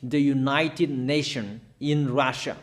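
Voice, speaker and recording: Slow, commanding male preacher. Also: medium pitch, steady tone. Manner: solemn and commanding, repeating phrases for emphasis. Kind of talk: slow prophetic declarations.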